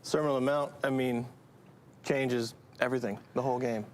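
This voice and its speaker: A man's voice: mid-range voice, fairly even intonation, brisk, a little hiss or hum. A man co-hosting a church show, responding earnestly and affirmingly in casual chat.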